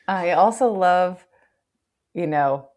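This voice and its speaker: A woman co-hosting a book club podcast, casually retelling scenes and acting out characters' lines. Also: slow pace. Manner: animated retelling, acting out characters' lines with big pitch jumps.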